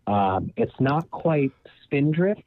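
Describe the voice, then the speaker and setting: A man's voice: mid-range voice, lively intonation, normal speed, no echo. A man calling in to give a beer review, hesitant and full of fillers. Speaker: caller. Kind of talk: casual phone-in beer review. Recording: tinny phone line.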